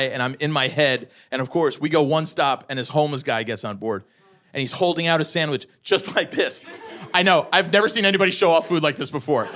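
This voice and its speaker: A man in his forties performing a stand-up comedy set, telling profane, animated stories with acted-out asides. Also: on the high side. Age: 40s. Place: comedy venue with a live audience. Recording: live show with loud audience laughter.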